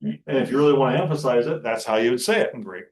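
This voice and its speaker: A man teaching a Greek grammar class, talking in a halting way with many fillers and restarts. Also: medium pitch, roomy sound, low-quality recording. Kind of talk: classroom lecture.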